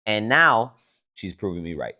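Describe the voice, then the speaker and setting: A young man co-hosts a podcast, casually chatting with his sister and teasing her as he tells stories. His voice is lowish and his pace moderate, and his storytelling is animated, with put-on voices when he quotes people.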